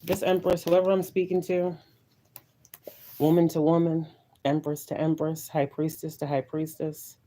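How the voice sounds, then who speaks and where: Woman tarot reader on a live stream: mellow, warm tone, emotional and preachy, drops to soft near-whispers. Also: deep voice, little pitch movement, normal speed, a little hiss or hum, rough recording. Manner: emotional, preachy, repetitive affirmations, swears.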